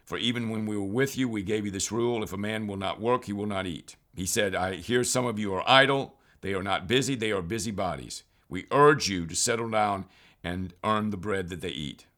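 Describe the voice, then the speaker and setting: Male priest with a somewhat low voice, earnest and unhurried, leading a Bible reading talk. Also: a bit bright. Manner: earnest, unhurried, reads scripture aloud.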